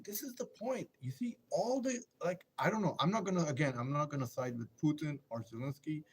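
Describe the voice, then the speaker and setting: A man's voice: a little high, gravelly, darkish tone, husky. A man hosting a casual live stream, rambling and emphatic, firing off rhetorical questions and answering viewer comments.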